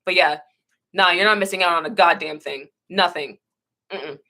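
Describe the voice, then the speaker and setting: Bright-voiced, blunt young woman streamer. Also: lowish voice, normal speed. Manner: blunt, swears freely, trails off and restarts. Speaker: livestreamer. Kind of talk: casual livestream chat reading comments.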